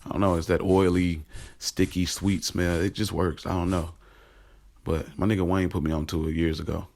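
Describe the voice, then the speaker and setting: A man's voice: low voice, little pitch movement, normal speed, creaky, a little mellow. A man narrating his own story in the first person, in a casual, streetwise and profane way. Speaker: narrator and creator.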